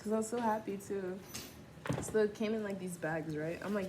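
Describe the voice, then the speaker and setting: Her voice sits in the mid-range and moves a little fast against background noise. The young woman, eighteen, vlogs casually to camera, swearing freely and tossing in slangy asides as she tells animated stories.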